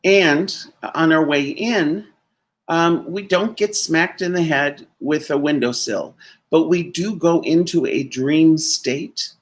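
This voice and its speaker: A man's voice: fairly high pitch, slow. A man giving a sermon as a minister, telling a story conversationally and laughing now and then.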